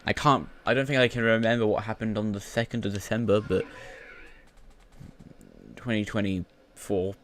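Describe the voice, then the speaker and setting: A British man talks through his gameplay in a loose, rambling way, stopping and restarting his sentences. His voice sits a little low for a man. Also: fairly even intonation, normal speed, pauses often, a bit bright, slight background noise. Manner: rambling, full of fillers and restarts. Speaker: YouTuber. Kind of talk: casual gaming commentary.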